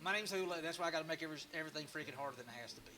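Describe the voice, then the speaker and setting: Guy hosting a chill stream, high voice, rambly and jokey, bit of music quiet behind him. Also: rapid-fire. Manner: rambling, joking and self-mocking, with frequent restarts. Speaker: live-stream woodcarving host. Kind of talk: casual live-stream chat.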